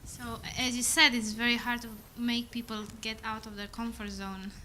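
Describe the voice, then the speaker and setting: A woman's voice: a little high, flat delivery, moderate pace, pushed and bright, a little hiss or hum. A woman in the audience of a conference asking an earnest, direct question. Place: conference hall.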